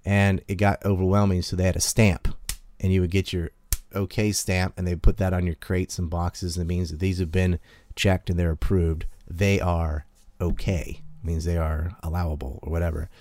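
A man talking bluntly and profanely in a casual, opinionated podcast chat, telling stories with animated asides. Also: low voice, moderate pace.

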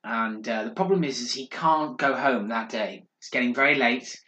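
A man on a podcast telling a ghost story in a dramatic, hushed way, building suspense. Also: mid-range voice, moderate pace, slight background noise. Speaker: podcast co-host. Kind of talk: casual storytelling. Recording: roomy echo.

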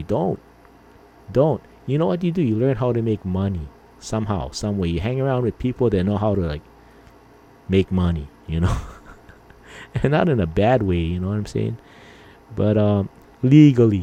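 Laid-back low-voiced man rambling. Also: mellow, slight background noise. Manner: laid-back, rambling, mild swearing, lots of "man" and "you know". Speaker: podcast host. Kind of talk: casual rambling chat.

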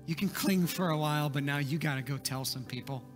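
A man voicing a calm male savior figure who speaks low and casually. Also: fairly quick, faint music behind, natural voice. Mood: gently teasing.

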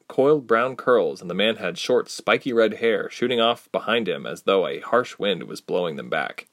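Expressive man narrating a storybook. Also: lowish voice, dry recording, studio quality. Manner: expressive, acts out each character.

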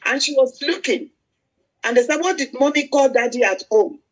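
An older woman preaches in a plain, storytelling way, leading her listeners toward prayer. Her voice is husky, and she stumbles and restarts as she talks. The recording sounds dull and lo-fi. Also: sits high. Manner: storytelling, halting with fillers and restarts. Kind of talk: conversational sermon with prayer. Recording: muffled lo-fi recording.

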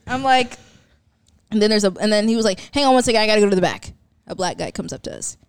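A woman's voice: mid-range voice, fast, smooth, no room sound, clean studio sound. A woman on a podcast as a guest, telling a story in a casual way and acting out the voices of the people in it. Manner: animated, acts out quoted voices.

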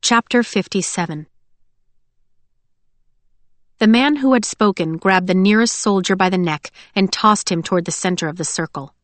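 A woman narrating an audiobook in a measured, expressive reading. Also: medium pitch, no room sound. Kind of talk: scripted narration.

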